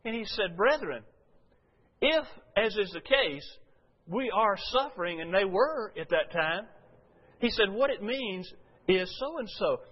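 An older man preaching a sermon as pastor, telling folksy stories and swinging from loud to quiet. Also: sits high. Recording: dull lo-fi sound.

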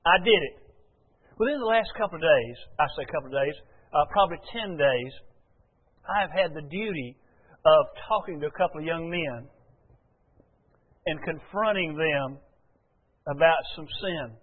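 A man's voice: fairly high pitch, expressive, normal speed, long pauses. A male pastor delivering an earnest, emphatic sermon in a church, often repeating his key phrases. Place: church sanctuary. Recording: phone-like sound in a long-echo hall.

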